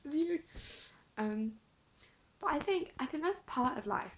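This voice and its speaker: A woman's voice: high-pitched, very animated, a little slow, fairly bright tone, muffled recording. A young woman vlogging to camera, chatty and giggly, telling a story with lots of "like".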